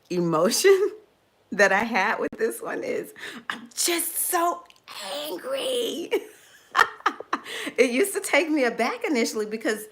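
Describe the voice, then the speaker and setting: A middle-aged woman, an astrologer, talking casually about her own experiences. She acts out her past thoughts in a high voice and laughs often. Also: a bit bright. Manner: laughs often, loose and conversational. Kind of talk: casual personal talk.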